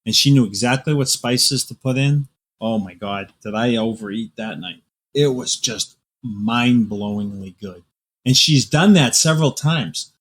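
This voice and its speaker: A man, a guest author, chatting casually in an interview, telling animated, vivid stories with playful exaggeration. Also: medium pitch, unhurried, husky.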